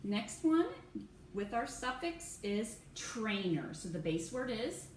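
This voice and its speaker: A woman's voice: fairly high pitch, very animated. Patient woman teacher in an echoey room. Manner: patient, encouraging, spells words out slowly. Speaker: reading teacher. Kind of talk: one-on-one phonics lesson. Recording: echoey room, far from mic, faint hum.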